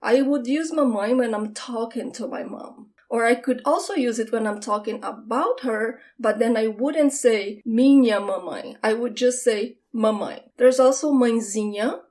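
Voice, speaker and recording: A Brazilian woman with a Brazilian Portuguese accent, a native Portuguese speaker, teaching a scripted lesson and saying each word carefully and clearly. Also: on the high side, moderate pace, hardly any pauses, a little mellow. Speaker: language teacher.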